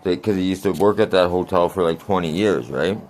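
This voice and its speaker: A man's voice: deep voice, a little fast, a little mellow. A man in his forties telling a rambling, crude story in a casual vlog, laughing often. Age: 40s. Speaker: vlogger.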